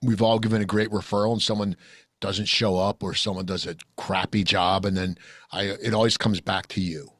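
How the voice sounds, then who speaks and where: A man hosting a casual group talk show, blunt and jokey, telling animated stories. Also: deep voice, fairly quick, no room sound, clean studio sound. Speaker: podcast host. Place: recording studio.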